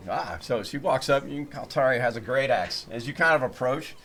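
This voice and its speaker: A man's voice: medium pitch, expressive, normal speed, fairly bright tone. A man narrating as game master at a tabletop game, in a loose, rambling way with many fillers and restarts.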